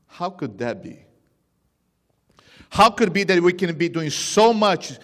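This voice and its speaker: A man preaching a sermon, swinging between loud emphatic bursts and hushed, low lines. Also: expressive, unhurried, long pauses. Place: church sanctuary. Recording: long reverb of a church hall.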